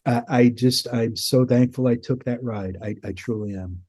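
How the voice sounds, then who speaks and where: A man guest in an interview, telling his story earnestly and measured, with an occasional swear for emphasis. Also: mid-range voice, a little mellow, slightly rough, no echo. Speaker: guest, author and producer.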